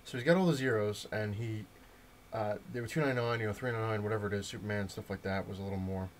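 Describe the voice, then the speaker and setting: A man's voice: fairly low pitch, steady tone, racing, a little hiss or hum. A man casually rambling to camera about a comic shop visit and his new comics, with lots of fillers and restarts. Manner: rambling, loose storytelling with many fillers and restarts. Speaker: comic book collector showing his purchases. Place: at home, indoors.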